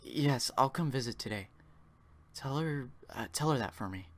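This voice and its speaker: A man's voice: medium pitch, lively intonation, moderate pace, close to an everyday voice. A man voicing a weary, grumpy young male protagonist who mumbles his lines. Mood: awkward.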